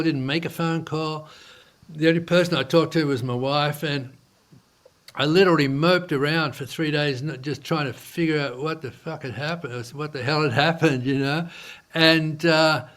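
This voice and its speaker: A man's voice: on the high side, normal speed. A man telling his business story casually in an interview, in loose speech with many fillers. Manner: animated storyteller who acts out quoted dialogue. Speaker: entrepreneur guest.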